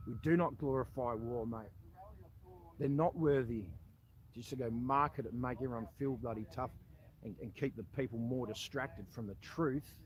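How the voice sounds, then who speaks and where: Australian ex-soldier, plain-spoken and forceful, mid-pitched man's voice, faint room hum behind him. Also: rough recording. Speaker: army veteran. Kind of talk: impassioned monologue addressed to an official.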